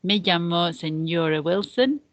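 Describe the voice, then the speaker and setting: A woman with a notably low voice talks pupils through a beginner lesson. She explains patiently, repeating and spelling things out step by step. Her voice sounds close and dry, with no room echo. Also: unhurried, lo-fi sound. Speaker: deputy head and Spanish teacher. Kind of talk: recorded classroom lesson for beginners.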